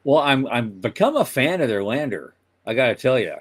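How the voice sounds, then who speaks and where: A man's voice: mid-range voice, a little fast. Older male co-host; casual, joking banter. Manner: joking, lively storyteller. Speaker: podcast co-host. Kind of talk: casual chat.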